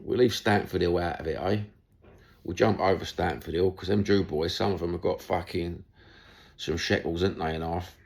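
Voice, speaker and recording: Older London man, low gravelly voice, blunt, sweary, slangy casual talk. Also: steady tone, moderate pace. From North London, England. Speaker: football fan. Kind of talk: casual chat.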